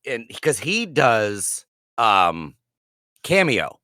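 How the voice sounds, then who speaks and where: A man's voice: medium pitch, sing-song, extremely slow, pushed and bright, no room sound. Podcast guy rambling thru a story, voice bouncing all over, dry close sound. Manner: rambling, storytelling with restarts and laughs. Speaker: podcast co-host. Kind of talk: casual chat.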